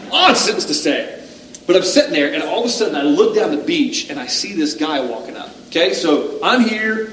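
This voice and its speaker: Animated pastor in an echoey hall. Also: male voice, a little high, a little hiss or hum. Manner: animated, self-mocking, swings between loud and hushed. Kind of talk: sermon storytelling. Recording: echoey room, mic at a distance.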